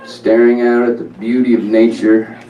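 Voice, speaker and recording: A middle-aged man doing a stand-up set, animated and jokey, with quick asides to the audience. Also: medium pitch, dull audio, slight background noise. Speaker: stand-up comedian. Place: comedy club stage. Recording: echoey club, distant mic, crowd.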